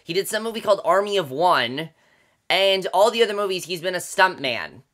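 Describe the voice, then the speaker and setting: A man's voice: high voice, animated, a little fast, pushed and bright. A man giving a ranting movie review to camera, blunt and exasperated, with many fillers and restarts.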